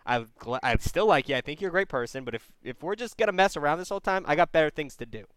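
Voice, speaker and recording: Blunt, swearing advice show host. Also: male voice, on the high side, lively intonation, fast talker, fairly bright tone, clear, resonant tone, no echo. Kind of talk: casual call-in advice.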